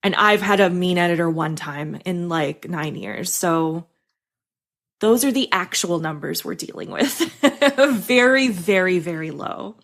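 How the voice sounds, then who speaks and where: A woman's voice: on the low side, a little slow, a bit bright. A woman who coaches freelance writers, talking candidly in a casual podcast chat, swearing freely and laughing often.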